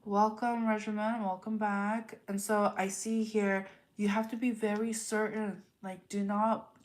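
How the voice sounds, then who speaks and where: A woman giving a live tarot reading, earnest and repetitive, full of rhetorical questions. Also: medium pitch. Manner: earnest, repeats herself, asks rhetorical questions. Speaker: tarot reader.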